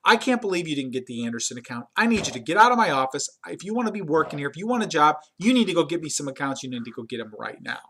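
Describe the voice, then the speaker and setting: A man's voice: fairly high pitch, sing-song, rapid-fire, few pauses, fairly bright tone, a little hiss or hum. A man voicing an angry, entitled male business owner who barks and scolds. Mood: scolding. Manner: barking, scolding.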